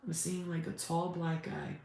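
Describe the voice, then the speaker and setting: Woman, psychic medium, low-pitched voice, halting and repetitive, emotional and near tears, faint background noise. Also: flat delivery, gravelly, dark tone, heavy reverb. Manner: halting, repetitive, restarts words. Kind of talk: live spirit channeling session.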